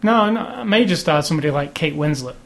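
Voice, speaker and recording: A man co-hosting a casual movie review chat, rambling and opinionated, getting animated when he complains. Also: on the high side, fast talker, gravelly. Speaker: podcast co-host.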